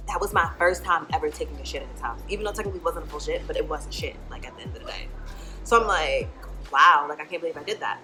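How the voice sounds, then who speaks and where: Young woman, low-ish voice, candid chatty storyteller, clear music bed underneath. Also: fairly bright tone, low-quality recording. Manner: chatty and candid, swears freely, fills with "like". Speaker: vlogger. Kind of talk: casual storytime monologue. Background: background music.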